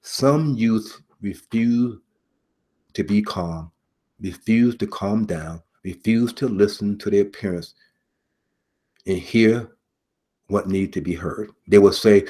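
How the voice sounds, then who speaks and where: Husky-voiced man preaching earnestly. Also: on the low side, mellow. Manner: earnest, repetitive preaching with pauses. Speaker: preacher, former police officer. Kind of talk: sermon-style message.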